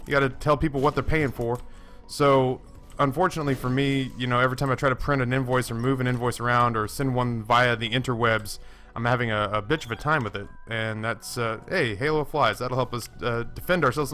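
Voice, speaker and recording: A man in his twenties talks through a game session in a loose, rambling way, doubling back on himself and joking at his own expense. His voice is bright and forceful, and faint game music plays behind him. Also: medium pitch. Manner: chatty, self-deprecating, lots of fillers and restarts. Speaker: gaming YouTuber. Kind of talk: rambling let's-play commentary.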